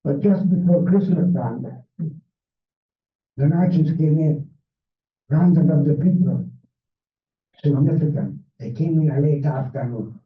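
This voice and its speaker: An older man with a Hungarian accent, a Holocaust survivor giving a measured personal testimony talk with non-native grammar, his first language Hungarian. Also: fairly high pitch, phone-quality sound. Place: library event room. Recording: echoey, distant, phone-thin sound.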